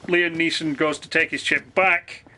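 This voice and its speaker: A man's voice: on the high side, steady tone, sharp tone. A man streaming a video game, chatting casually and rambling with frequent swearing. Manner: rambling, swears freely, quick asides. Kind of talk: casual live-stream chat.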